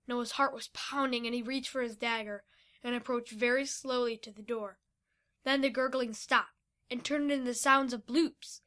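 High, bright woman reading a story. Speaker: story reader. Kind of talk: storybook narration.

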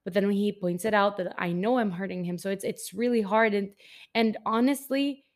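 A woman's voice: mid-range voice, steady tone, fairly quick. Chatty woman speaking openly. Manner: open, chatty, frequent "like" fillers. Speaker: podcast co-host. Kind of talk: casual chat.

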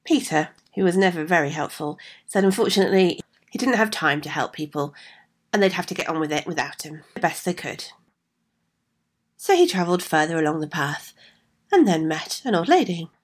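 Woman, slightly low, reads fairy tale aloud, friendly asides. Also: expressive, brisk. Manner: chatty asides to listeners. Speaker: storyteller.

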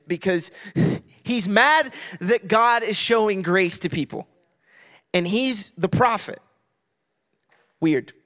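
A man with a fairly high voice retells a Bible story for a group. He keeps it casual and joking, slipping into quick impressions of the characters and stumbling over his words now and then. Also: a bit bright. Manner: playful, acts out voices, laughs often, many restarts.

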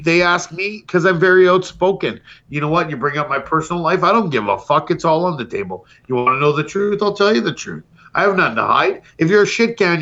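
A man's voice: on the high side, pushed and bright, dull audio. Brash, profane man ranting. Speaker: podcast host. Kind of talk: comedic profane roast rant.

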